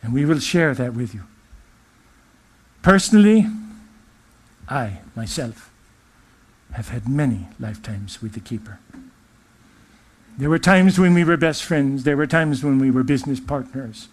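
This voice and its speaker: A man channeling a benevolent otherworldly male spirit, giving a gentle, uplifting spiritual address in a put-on English-sounding accent. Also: medium pitch, animated, a little slow, pauses often.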